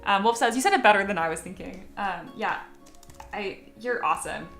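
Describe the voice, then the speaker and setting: A woman's voice: mid-range voice, fairly quick, vocal fry, fairly bright tone, reverberant, soft background music. A woman sculpting on a live stream, chatting casually with her viewers and reading their comments aloud, often poking fun at herself. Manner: chatty, self-deprecating, reads chat aloud.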